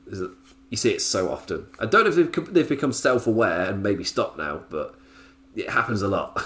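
A man's voice: on the low side, very animated, brisk, fairly bright tone. A man hosting a casual solo podcast review, chatty, laughing often and drifting into tangents. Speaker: podcast host reviewing wrestling.

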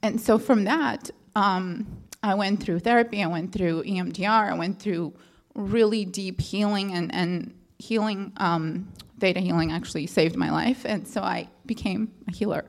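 A woman's voice: mid-range voice, normal speed, gravelly, hardly any pauses. A woman from the audience sharing a personal story at a question session, hesitant and rambling, with many fillers and restarts. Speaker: audience member asking a question.

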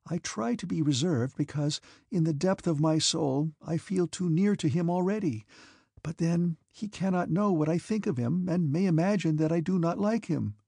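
A man's voice: on the high side, moderate pace, vocal fry, warm tone, slightly rough, dry recording, studio quality, pitched above the performer's own voice. A man voicing a shy, anxious young princess who speaks hesitantly. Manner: hesitant, self-doubting.

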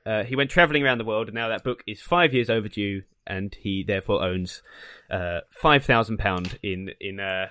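A man's voice: on the low side, normal speed, few pauses, sharp tone, dry recording. A man hosting a casual podcast, laughing often and rambling through his explanations. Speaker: podcast host. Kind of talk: casual chat.

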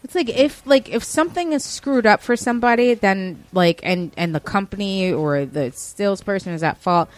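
A woman's voice: mid-range voice, normal speed, hardly any pauses. Chatty woman acting out retail stories. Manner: animated, acts out customers in quoted voices, many "like" fillers. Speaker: podcast co-host telling a retail story. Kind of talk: casual chat, storytelling.

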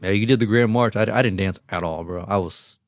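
A man's voice: lowish voice, fairly quick, no room sound. Young man telling laughing, profane stories. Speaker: groom. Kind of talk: casual chat among friends.

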